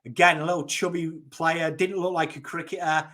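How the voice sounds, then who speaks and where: A man's voice: fairly high pitch, steady tone, brisk, pushed and bright. A man in his thirties with a Yorkshire accent, chatting casually and enthusiastically about cricket, blunt and a bit sweary. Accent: Yorkshire English. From Northern England. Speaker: cricket YouTuber. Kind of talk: casual chat.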